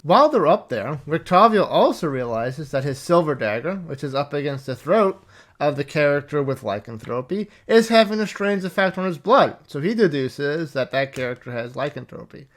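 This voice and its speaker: A man recounting his tabletop game session as game master, rambling and swearing freely as he quickly acts out his players and characters. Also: on the high side, a bit bright. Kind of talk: casual storytelling recap.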